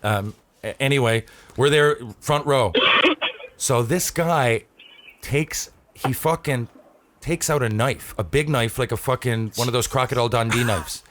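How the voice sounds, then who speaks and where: A man's voice: mid-range voice, moderate pace. A man hosting a podcast, telling a story in casual chat with plenty of swearing and restarts. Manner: profane, animated anecdote-telling with many restarts. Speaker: podcast host.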